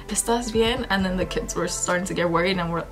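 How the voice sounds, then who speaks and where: Woman telling a sad personal story, halting, lots of "like", soft music behind. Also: lowish voice, flat delivery, low-quality recording. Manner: halting, emotional retelling with many fillers. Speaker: vlogger.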